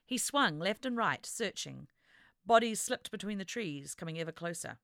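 A woman reading an adventure story aloud as narrator, with expressive, dramatic storytelling. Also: mid-range voice, moderate pace, vocal fry, no echo, studio quality. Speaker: audiobook narrator. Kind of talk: scripted narration.

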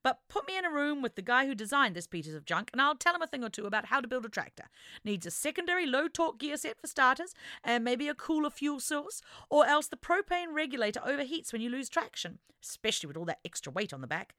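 A woman's voice: high voice, sing-song, quick pace, bright, forceful tone, no room sound, clean studio sound, voice pushed up, heavily acted. A woman voicing a cheerful, tactless young male mechanic who rambles enthusiastically. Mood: eager.

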